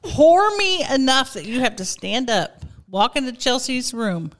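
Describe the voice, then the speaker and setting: A woman co-hosting a casual podcast who teases her friend with playful, deadpan jabs. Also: high voice, unhurried. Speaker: podcast co-host. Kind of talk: casual comedic chat. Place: rented house in California.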